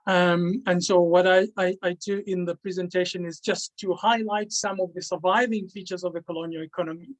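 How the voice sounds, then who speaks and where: Halting man giving an academic talk. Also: sits high, poor audio. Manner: halting, with many repeated words and restarts. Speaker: author presenting his book. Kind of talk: academic presentation.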